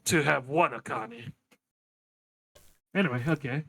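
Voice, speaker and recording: A man's voice: mid-range voice, a little slow, creaky, bright, forceful tone, breathy edge, dry recording. A man casually chatting while watching a game, floating theories and joking. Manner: speculative, joking, laughs often. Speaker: game co-player. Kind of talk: casual chat.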